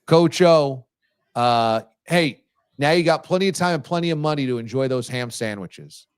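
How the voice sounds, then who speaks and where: A man quoting his wife, an excited football fan, in an eager and emphatic way. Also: mid-range voice, normal speed, clear, resonant tone, no echo, clean studio sound, close to an everyday voice.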